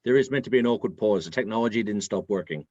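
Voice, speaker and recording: An easygoing man hosts a web session with a low voice. The sound is muffled and lo-fi, like video call audio. It is close and dry with no room echo. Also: rapid-fire, a little mellow. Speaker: host. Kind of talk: casual webinar hosting.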